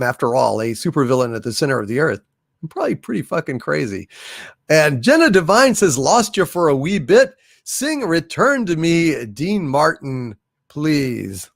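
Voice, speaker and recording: A man's voice: mid-range voice, creaky, no room sound, clean studio sound. A man hosting a casual livestream, hailing and thanking viewers by name as he reads their messages aloud. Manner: hails and thanks viewers by name, drawn-out unhurried delivery. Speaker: livestream host.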